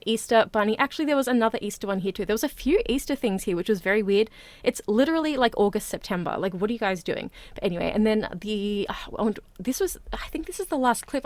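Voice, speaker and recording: A woman hosting a casual haul vlog, bubbly and chatty, talking fast and gushing over her finds. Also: fairly high pitch, dry recording. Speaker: plush collecting vlogger.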